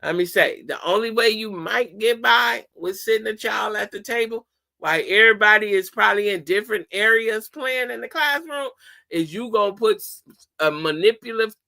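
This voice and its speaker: A woman's voice: medium pitch, normal speed, vocal fry, pushed and bright. A woman hosting a podcast segment, teaching listeners in an informal way, quizzing them with "what?" fill-in questions and often restarting her sentences. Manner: asks the audience rhetorical fill-in questions; restarts and corrects herself mid-sentence. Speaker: podcast host presenting a segment.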